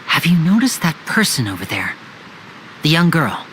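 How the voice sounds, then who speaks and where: A suave young stage magician. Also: male voice, a little high, huge pitch swings, normal speed, slight background noise. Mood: hushed. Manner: suave, teasing, hushed when plotting. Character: smooth confident young male stage magician. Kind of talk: game voice acting. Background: game music.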